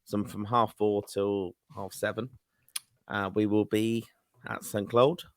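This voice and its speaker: Smooth, low-voiced English man. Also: level tone, takes it slowly, dry recording. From England. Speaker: podcast co-host. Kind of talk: casual live show chat.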